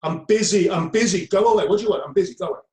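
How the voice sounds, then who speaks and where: A woman's voice: mid-range voice, very fast, warm tone, reverberant, voice pushed up, close to an everyday voice. A man putting on the voice of a harried mother of three, brusque and dismissive. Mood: impatient.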